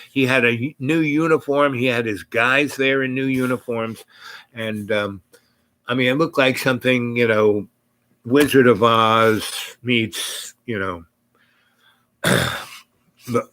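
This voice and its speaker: A man's voice: mid-range voice, a bit bright, dry recording. A man telling a long, rambling anecdote in casual chat, full of fillers and self-corrections. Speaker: storyteller.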